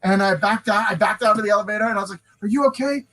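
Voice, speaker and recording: A man in his forties, a podcast co-host, telling halting, self-correcting stories in casual chat. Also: high-pitched, little pitch movement, bright, forceful tone. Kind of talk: casual storytelling.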